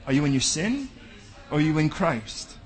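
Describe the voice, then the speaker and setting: A man's voice: on the high side, very animated, moderate pace. A man preaching a sermon as pastor, bold and direct, often acting out back-and-forth dialogues.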